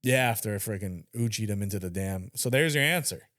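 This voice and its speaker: A man's voice: on the low side, brisk, dry recording, clean studio sound. A man co-hosting a podcast, telling stories in a casual, profane chat and acting out the quotes. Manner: animated storyteller, acts out quotes, swears freely. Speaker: podcast co-host.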